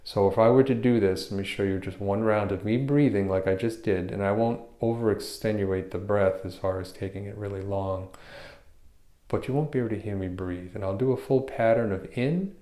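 A man teaching a guided meditation, explaining hand positions and breathing slowly, step by step. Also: lowish voice, reverberant. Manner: calm, step-by-step explaining with restarts. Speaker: meditation instructor.

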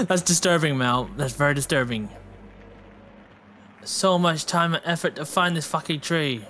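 A man giving let's play commentary, excitable and swearing freely, shouting at enemies. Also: fairly high pitch, normal speed, long pauses, slight background noise. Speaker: gamer.

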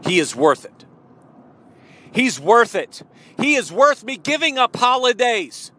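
A man's voice: extremely high pitch, very animated, slow pace, sharp tone. A man preaching a sermon, retelling a parable and addressing his listeners directly with emphatic questions. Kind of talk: sermon storytelling.

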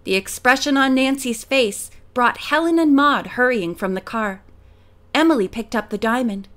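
A woman narrating a mystery audiobook in a clear, steady storytelling manner. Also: on the high side, moderate pace. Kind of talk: audiobook reading.

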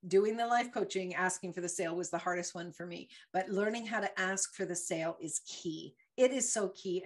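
A middle-aged woman hosting a motivational talk show, telling stories animatedly and laughing often. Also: mid-range voice. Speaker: host.

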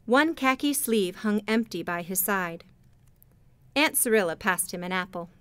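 A woman narrating a storybook in a gentle, measured way. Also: medium pitch, lively intonation, clean tone, dry recording. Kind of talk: storybook reading.

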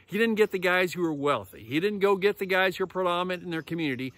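Guy preaching a chatty sermon, kinda high voice, acts out the quotes, dry close sound. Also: fast, no room sound. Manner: conversational preaching, retelling stories in lively quoted voices. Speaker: pastor.

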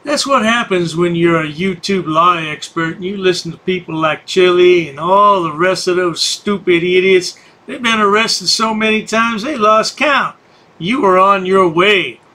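Sneering bright-voiced male commentator. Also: sits high, measured pace. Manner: sneering, sarcastic. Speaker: commentary channel host. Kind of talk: mocking commentary over clips.

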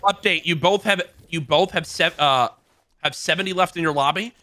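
A man's voice: fairly high pitch, normal speed, background noise. A man in casual game chat, giving score updates like a mock announcer. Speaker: gamer.

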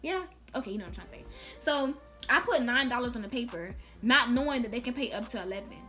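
A woman's voice: fairly high pitch, animated, fast, sharp tone, soft background music. A young woman vlogging to camera, giving sassy, playful tips in casual slang. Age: young adult.

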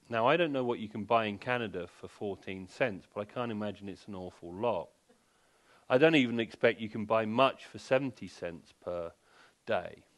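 A man speaking to a live audience in a furniture showroom. His lecture is wry and playful, full of rhetorical questions, and his pitch sits in an ordinary middle range. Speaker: sleep expert giving a seminar.

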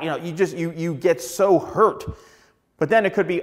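A man's voice: a little high, moderate pace. A man who works as a hairstylist, giving casual, chatty advice to the camera and acting out little dialogues along the way.

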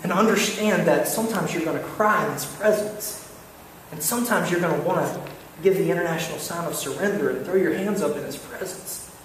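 A man preaching a sermon, animated storytelling with repeated calls to listen. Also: on the high side, a little fast, slight background noise. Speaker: pastor. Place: church sanctuary. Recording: echoey church hall, mic far off.

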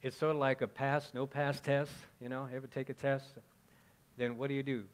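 Guy pastor giving a relaxed chatty sermon, keeps saying okay and throws questions at the crowd. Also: medium pitch, moderate pace. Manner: chatty, asks the congregation questions, frequent "okay?". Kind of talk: conversational sermon.

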